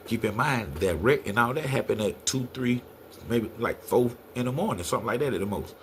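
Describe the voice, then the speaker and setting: Animated man telling a story. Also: brisk, slight background noise. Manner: animated, acts out quotes in a higher voice. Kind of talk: casual storytelling.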